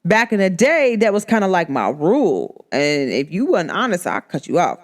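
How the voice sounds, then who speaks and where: This podcast host is a woman whose lowish voice moves at a normal speed. Chatting casually, she tells her stories with animation and voices the people in them.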